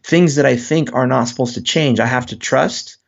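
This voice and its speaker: A man's voice: medium pitch, normal speed, creaky, highs cut off. A man speaking as a guest author in an interview, talking earnestly and candidly about his life, often restarting his sentences. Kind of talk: reflective interview talk.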